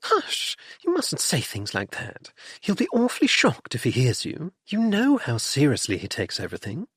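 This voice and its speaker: A man's voice: fairly high pitch, huge pitch swings, moderate pace, fairly bright tone, husky, no room sound, clean studio sound, full character voice. A man voicing a composed, tactful middle-aged duchess in an audiobook, polite with a tart edge.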